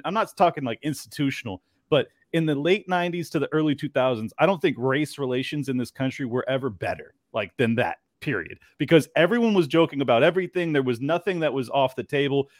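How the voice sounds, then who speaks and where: A man's voice: a little high, no room sound, studio quality. A man co-hosting a casual talk show, making his points in an emphatic, opinionated way and swearing casually. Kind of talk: casual podcast chat.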